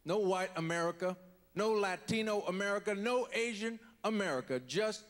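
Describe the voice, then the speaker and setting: A man doing an impression of a male US president, giving a slow, deliberate speech with pauses on a live comedy stage. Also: high-pitched, lightly acted. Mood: solemn. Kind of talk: stand-up impression. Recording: hall reverb, faint crowd ambience.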